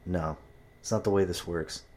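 Young man, low dark voice, heated profane storytelling monologue. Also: steady tone, moderate pace. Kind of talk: casual ranting monologue.

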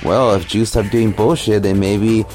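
Man, commentary host, crude sneering rants, lowish voice, faint music. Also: fairly even intonation, unhurried, a little mellow. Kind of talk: profane commentary over clips.

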